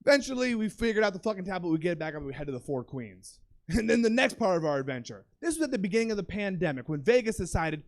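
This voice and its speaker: Young male stand-up, very high and lively voice, animated profane storytelling on a club stage mic. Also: fast talker. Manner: animated, profane storytelling, bursts into shouted impressions. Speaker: stand-up comedian. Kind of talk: stand-up comedy set.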